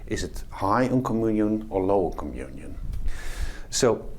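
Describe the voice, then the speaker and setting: A man's voice: on the low side, big pitch swings, unhurried, a little hiss or hum. A man, a professor, explains a topic to camera in a video lecture and demonstrates what he describes as he talks. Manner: explanatory, demonstrates behaviours while talking. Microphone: camera facing speaker.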